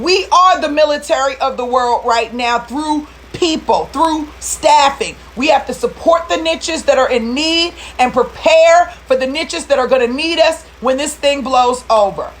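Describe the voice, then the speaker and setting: Fired-up high-voiced woman coach. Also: moderate pace, hardly any pauses. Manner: fired-up, preachy, rallying. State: emotional, near tears. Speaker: recruitment business coach. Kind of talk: motivational live video talk.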